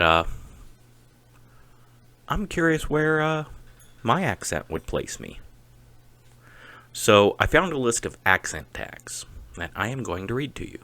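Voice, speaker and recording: Slow, bright-voiced Texan man. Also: fairly low pitch, no echo. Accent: Texas. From Texas. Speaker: vlogger. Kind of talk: casual monologue to camera.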